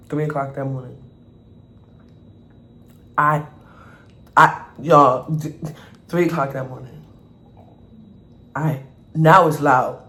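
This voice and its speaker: A man vlogger telling a storytime over an eating show, animated and acting out the people in his story. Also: medium pitch, takes it slowly, long pauses. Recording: echoey room, faint background noise.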